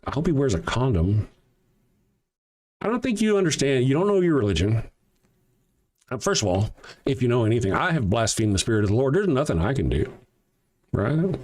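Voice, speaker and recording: A man's voice: medium pitch, big pitch swings, brisk, pauses often, darkish tone, slight background noise. A man hosting a livestream, answering his chat with sarcastic, mocking rhetorical questions and frequent swearing. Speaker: livestream host. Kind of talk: livestream commentary reading chat.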